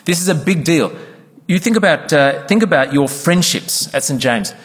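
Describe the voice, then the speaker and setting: This pastor has a fairly high voice and preaches at a normal speed with plenty of animation, earnest and emphatic throughout. Now and then he acts out the words of congregation members. His sermon rings through a church hall with long reverb.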